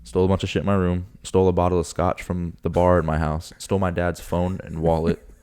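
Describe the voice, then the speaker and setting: A young man, a podcast co-host, telling a story in casual chat, animated and swearing, acting out quotes. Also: sits low, fast, clear, resonant tone. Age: young adult.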